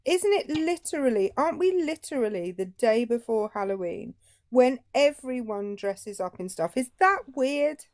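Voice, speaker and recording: Woman, teacher type, sarcastic live debater; high, swooping voice on a dry close mic. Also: expressive, normal speed, a little mellow, dry recording. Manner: exasperated, sarcastic, interrupting. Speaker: teacher and co-host.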